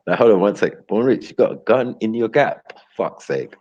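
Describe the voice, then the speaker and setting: A man's voice: lowish voice, animated, moderate pace, few pauses, a little mellow, husky, no echo. A young man hosting a live stream and bantering with his chat in loose street slang, rambling and laughing often. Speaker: livestream host. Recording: dull lo-fi stream audio.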